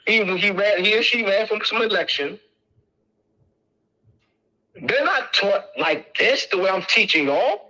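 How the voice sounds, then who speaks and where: A man's voice: high-pitched, lively intonation, unhurried, long pauses, pushed and bright, rough recording. A middle-aged man giving an informal lecture to an audience, emphatic and repetitive as he drills each point home.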